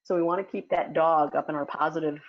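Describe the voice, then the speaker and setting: A woman's voice: low-pitched, fairly even intonation, quick pace, highs cut off. Chatty woman teaching dog training. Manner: chatty, with many fillers and restarts. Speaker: dog sport instructor. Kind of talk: casual teaching talk in an audio chat room.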